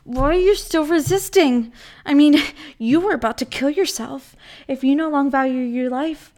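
A woman voicing a possessive, menacing motherly woman in an audio role-play, cooing and breathy. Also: high-pitched, moderate pace, darkish tone. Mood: soothing menace.

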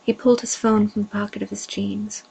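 A woman narrating an erotic story in a slow, breathy way with a gravelly voice, often dropping to a whisper. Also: mid-range voice, little pitch movement, a little mellow, rough recording.

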